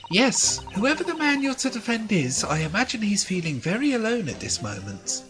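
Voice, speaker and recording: A woman's voice: mid-range voice, big pitch swings, normal speed, lightly acted. A woman voicing a prim polite young assistant. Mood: earnest. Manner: prim, earnest, formal. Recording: game music behind.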